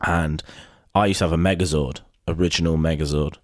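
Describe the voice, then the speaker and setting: A man's voice: very deep voice, brisk, no room sound, studio quality. A British man co-hosting a podcast, telling a story in casual chat with lots of swearing and acted-out quotes. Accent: British English. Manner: animated storytelling, heavy swearing, acts out quotes. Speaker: podcast co-host.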